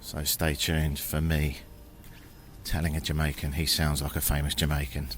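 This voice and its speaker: A man's voice: rumbling low, completely flat delivery, normal speed. A British man hosting a travel podcast, chatting casually and wryly outdoors on a river raft and at a jungle kitchen, with the odd swear. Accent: British English. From Britain. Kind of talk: casual travel audio diary. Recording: outdoor field recording with insect noise. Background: chirping birds and crickets.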